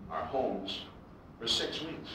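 A man tells baseball anecdotes to a live audience, and his pitch rises and falls a lot. He is picked up from a distance in a very echoey hall. A steady hiss and the audience's laughter sit behind him. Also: slow. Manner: animated anecdotes, acting out quotes. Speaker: baseball broadcaster. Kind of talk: storytelling speech to an audience.

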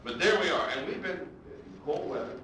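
A man tells baseball anecdotes to a live audience, and his pitch rises and falls a lot. He is picked up from a distance in a very echoey hall. A steady hiss and the audience's laughter sit behind him. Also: fairly quick. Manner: animated anecdotes, acting out quotes. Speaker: baseball broadcaster. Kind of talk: storytelling speech to an audience.

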